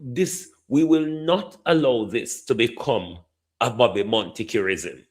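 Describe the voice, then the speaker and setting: A middle-aged Jamaican man giving opinionated commentary, stretching key words for emphasis and ending points with a questioning "hmm?". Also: mid-range voice. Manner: repeatedly addresses a minister by name, drawn-out emphasis, tag "hmm?". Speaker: political commentator.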